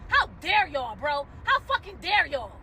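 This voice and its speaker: A woman's voice: very high voice, sing-song, a little slow, background noise. A woman giving an emotional, profane rant to camera from a car, heated and close to tears. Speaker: commentator reacting to a viral video.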